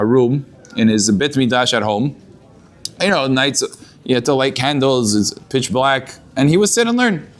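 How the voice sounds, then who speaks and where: A man speaking as a rabbi, telling a Torah story in a lively, animated way. His voice sits fairly high for a man. He drops Hebrew terms into his English and often breaks off to restart a phrase.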